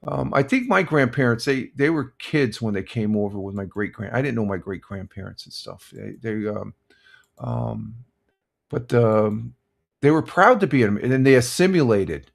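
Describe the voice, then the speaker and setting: A man's voice: mid-range voice, animated, moderate pace, gravelly. An older American man hosting a casual live stream, rambling with many restarts and giving blunt opinions while reading viewer comments. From United States.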